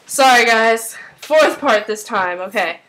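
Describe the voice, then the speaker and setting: A young woman casually recapping a TV episode, rambling excitedly with lots of fillers. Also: a little high, slow pace, a little hiss or hum.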